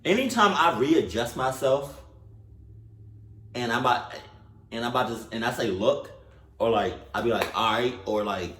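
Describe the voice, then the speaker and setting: A man reacting to a horror video in casual commentary, ranting and cursing in an animated way, at home. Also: on the low side, a little fast, echoey room.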